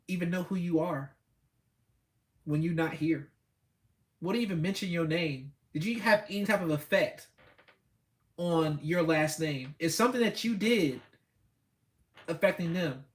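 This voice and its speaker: A man giving a blunt, preachy motivational talk with speech, repeating himself for emphasis. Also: sits high. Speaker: host.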